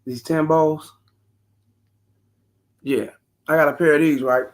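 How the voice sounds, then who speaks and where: A man's voice: fairly high pitch, steady tone, takes it slowly. A man reacting to a clip in casual commentary, blunt and crude, handing out streetwise advice to the fellas.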